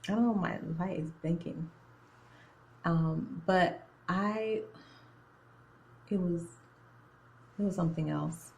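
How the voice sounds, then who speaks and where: Chatty young woman, slangy and animated. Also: lowish voice, slow, vocal fry, long pauses, low-quality recording. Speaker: nursing student. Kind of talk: casual storytelling to camera. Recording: phone-recorded video.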